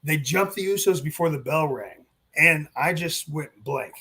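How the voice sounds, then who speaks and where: A man's voice: on the high side, a little slow, slightly rough. A man, a former wrestling referee, telling stories in a casual interview, acting out what others said to him. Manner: animated, acts out quotes with swearing and laughs.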